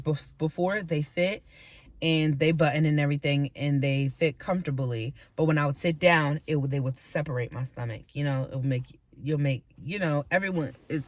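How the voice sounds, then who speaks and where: A woman's voice: sits low, no echo. A woman giving a candid, casual weight-loss update, rambling frankly with lots of fillers and restarts. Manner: animated asides and repetition for emphasis.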